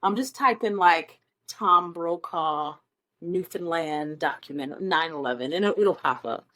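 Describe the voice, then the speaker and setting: A woman's voice: lowish voice, a little slow, bright, forceful tone. A woman from Nebraska, a Broadway performer, telling stories in a chatty, enthusiastic way as an interview guest, with frequent ums. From Omaha, Nebraska, US. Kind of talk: casual interview chat.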